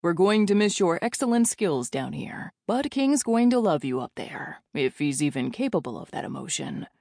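A woman's voice: lowish voice, very animated, normal speed, creaky, darkish tone, no echo, full character voice. A woman voicing a wry older male associate attorney with a dry, sardonic manner, in an audiobook. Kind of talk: audiobook character voice.

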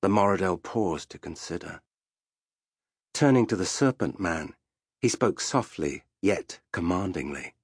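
A man narrating a fantasy story for an audiobook in a slow, measured storytelling voice. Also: low voice, animated, husky, dry recording, clean studio sound.

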